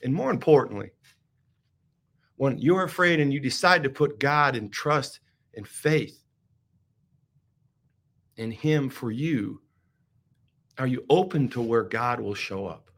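Bright, forceful man preaching on a podcast. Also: mid-range voice, vocal fry. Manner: dramatic storytelling, swinging from hushed whispers to loud pleading. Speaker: podcast host. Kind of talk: devotional podcast talk.

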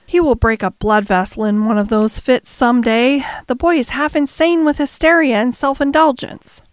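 A woman's voice: high voice, steady tone, normal speed, no echo, lightly acted. A woman voicing a nervous, irritable middle-aged male doctor in an audiobook reading. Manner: irritable, fretful.

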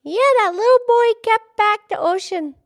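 Very high-voiced woman reacting slowly. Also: no echo, clean studio sound. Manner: enthusiastic, drawn-out reactions. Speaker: listener chatting with the storyteller. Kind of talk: casual chat.

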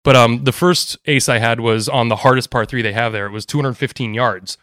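A man, a golf caddie, telling stories in an animated, laughing, casual chat. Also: medium pitch, no room sound, studio quality. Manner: animated, quick, laughing storyteller.

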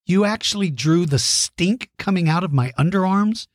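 Man, high voice, very lively delivery, dry close sound; upbeat podcast host praising kids' drawings and fossils. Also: normal speed, dry recording. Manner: warm, encouraging, playful with kids. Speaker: podcast host reading listener mail. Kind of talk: enthusiastic shout-outs to kids.

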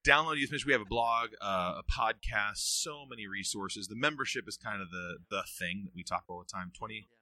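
A middle-aged man talking about youth ministry in a casual podcast interview, telling stories with earnest energy and quick laughs. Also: lowish voice, bright, forceful tone, no room sound.

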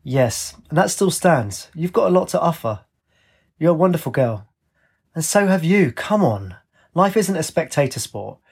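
A man reads as a tired, hollow young man in a storybook, his husky voice slow and heavy. The lilt stays plain and unforced. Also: on the high side, very animated, voice pushed up, full character voice. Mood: lively. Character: weary young man, drained and flat.

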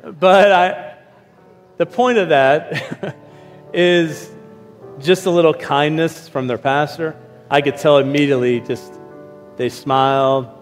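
A man's voice: fairly high pitch, takes it slowly, pauses often. Storytelling man preaching in a reverberant hall. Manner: storytelling, acting out his own lines in lively asides. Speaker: pastor. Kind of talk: sermon. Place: church hall. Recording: reverberant hall with faint music.

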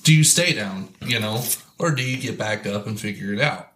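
A man's voice: lowish voice, lively intonation, moderate pace, a bit bright, slight background noise. A man hosting a podcast, chatting casually and musing on setbacks. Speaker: podcast host. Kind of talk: casual chat. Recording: roomy echoey sound.

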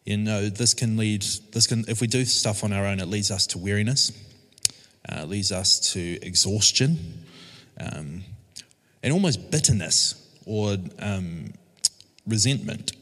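A man's voice: lowish voice, a little slow, fairly bright tone. A man from a church team giving an informal sermon, casual and hesitant, full of fillers and restarts. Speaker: church team member preaching. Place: church service room. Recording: long reverb of a church hall.

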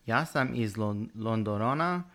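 A man's voice: lowish voice, expressive, unhurried, a bit bright. Good-humored man repeating phrases. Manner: good-humored, tries hard, stumbles on new words. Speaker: podcast co-host learning Croatian. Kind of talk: casual chat, repeating phrases.

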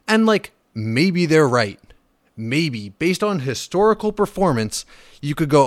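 A man's voice: on the high side, unhurried, no echo, clean studio sound. A man hosting a casual solo finance podcast, blunt and profane, ranting with fillers and restarts. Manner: animated when riled, with fillers and restarts. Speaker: podcast host.

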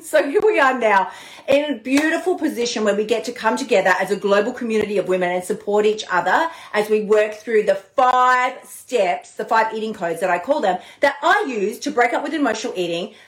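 A woman hosting a live motivational talk as a diet coach, animated and playful, swearing casually. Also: on the high side, brisk, reverberant. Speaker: podcast host and diet coach.

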